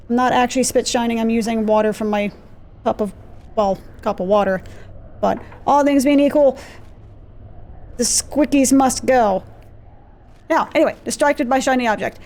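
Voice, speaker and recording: A woman's voice: fairly high pitch, a little mellow, a little hiss or hum. A woman hosting a let's play, chatting casually and self-deprecatingly while she plays, easily sidetracked, recorded on a desk mic. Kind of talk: casual gameplay commentary. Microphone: desk mic with gain turned down in software. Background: faint game music and clicky mechanical keyboard.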